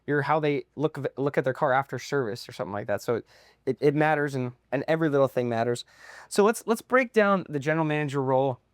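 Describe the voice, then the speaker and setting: A man hosting a casual podcast interview, asking quick, upbeat questions. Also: medium pitch, expressive, clear, resonant tone, dry recording, clean studio sound. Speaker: podcast host.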